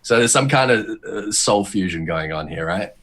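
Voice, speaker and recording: Animated rambling man in podcast chat. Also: lowish voice, moderate pace. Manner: rambling, frequent restarts and fillers, animated. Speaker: podcast guest. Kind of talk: casual podcast chat, lore speculation.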